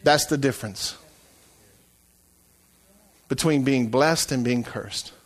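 A middle-aged man preaching a sermon as pastor, swinging from hushed asides to loud, shouted calls. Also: mid-range voice, slow pace.

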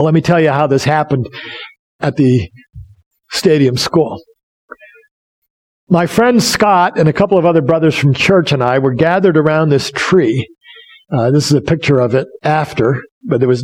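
A man with a notably high voice delivers a sermon from the pulpit. He preaches earnestly and tells stories, often restarting his sentences as he goes. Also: darkish tone. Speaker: pastor.

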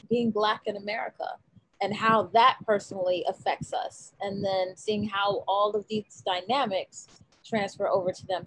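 A woman's voice: medium pitch, no echo, low-quality recording. A woman hosting a panel discussion, casual and reflective.

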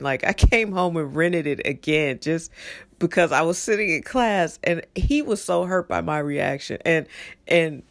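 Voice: mid-range voice, no echo. Rambling young host, laughing through a story. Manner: rambling, laughs often while telling the story. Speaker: podcast host. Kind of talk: casual storytelling monologue.

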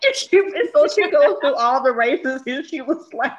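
A woman co-hosting a casual talk show, telling stories in an animated, digressive way. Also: sits high, moderate pace, hardly any pauses, dull audio. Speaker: podcast co-host. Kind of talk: casual chat.

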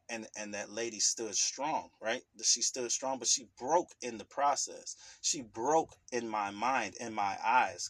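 A man's voice: on the low side, fairly bright tone, no echo. A man talking earnestly about family and money, repeating phrases with an emphatic, preacher-like cadence. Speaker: speaker sharing life lessons. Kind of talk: earnest personal talk.

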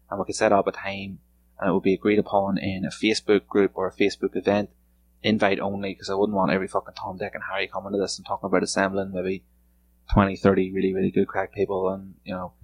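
A man's voice: sits low, completely flat delivery, quick pace, a little hiss or hum, low-quality recording. A man hosting a solo podcast from a room at home, rambling casually and swearing freely. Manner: rambling, profane and laid-back. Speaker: podcast host.

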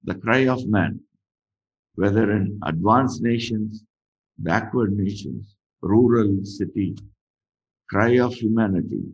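A man's voice: fairly low pitch, animated, unhurried, vocal fry, a little mellow, breathy edge, dull audio. A man preaching a sermon, earnest and repeating phrases for emphasis.

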